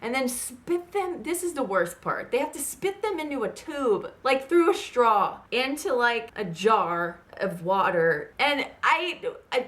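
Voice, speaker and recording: A woman recapping a TV show in casual chat, animated and rambling, swearing a lot. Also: sits high.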